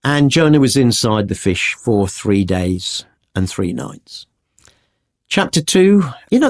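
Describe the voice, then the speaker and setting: A man teaching a Bible story in a conversational podcast, acting out the quotes as he tells it. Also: medium pitch. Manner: animated storytelling with acted-out quotes.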